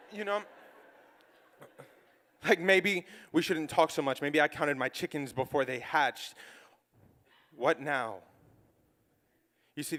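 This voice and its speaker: A man's voice: fairly low pitch, a bit bright, clear, resonant tone. Man, confessional spoken-word monologue, earnest, lots of "like" fillers, stage talk, long hall reverb. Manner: earnest, heavy use of "like" fillers. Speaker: solo stage speaker.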